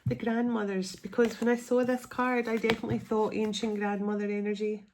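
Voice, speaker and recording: A woman giving a spiritual tarot reading, earnest and emotional, slowing down and drawing out the words that matter. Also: on the high side, little pitch movement, background noise. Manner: emotional, close to tears. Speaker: tarot reader.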